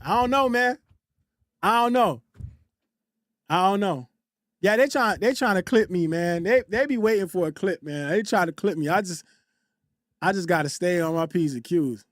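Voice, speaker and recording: Male streamer, high voice, dry close sound; casual slangy chat-reader who repeats himself and shouts out viewers. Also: lively intonation, normal speed, pauses often, no room sound. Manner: loose slangy banter, repeats phrases, frequent shout-outs. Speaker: livestream host. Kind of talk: casual livestream commentary, reading chat aloud. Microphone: desktop USB condenser mic.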